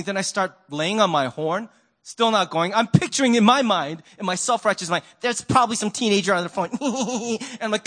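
A man's voice: high voice, expressive, moderate pace, fairly bright tone. A man preaching a conversational sermon, telling stories and asking rhetorical questions. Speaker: pastor.

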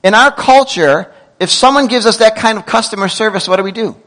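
A middle-aged pastor delivers a sermon, telling stories full of lively asides and quick self-corrections. His voice sits high, and the recording is rough.

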